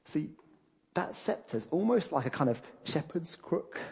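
A man preaching a sermon, animated and laughing often, with frequent restarts and fillers. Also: fairly high pitch, unhurried, gravelly, breathy edge.

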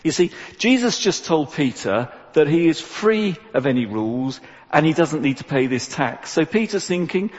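Male preacher, conversational and lively, in a reverberant church, dull lo-fi recording. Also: a little high, moderate pace. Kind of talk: sermon.

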